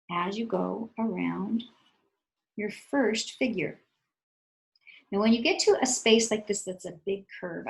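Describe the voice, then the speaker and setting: A woman's voice: medium pitch, vocal fry, poor audio. A woman art teacher giving a patient, step-by-step drawing lesson for children, counting her strokes aloud as she works.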